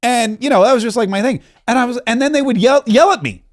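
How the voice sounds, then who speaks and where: A middle-aged man hosting a podcast, telling anecdotes in casual commentary and laughing out loud as he acts out what people said. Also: very high voice, fast talker. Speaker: podcast host.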